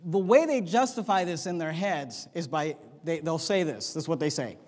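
A man's voice: a little high, animated, normal speed, few pauses. Fiery preaching man in a reverberant hall. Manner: fiery, preaching with shouted climaxes and reading scripture aloud. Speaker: Baptist pastor. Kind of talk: sermon.

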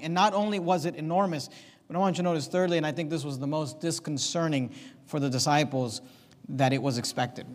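A man preaching a sermon as pastor, with emphatic delivery that acts out the people in the story. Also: a little high. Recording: reverberant hall.

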